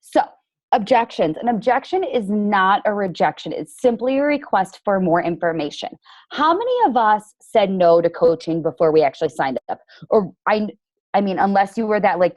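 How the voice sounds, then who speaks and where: A woman's voice: mid-range voice, animated, normal speed, a little mellow, no echo. A woman business coach leading a team training call, chatty and emphatic with a sarcastic streak.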